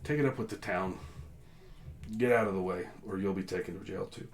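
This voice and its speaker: A man's voice: sits low, brisk. A man voicing a dismissive town guard who gives curt commands. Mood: stern.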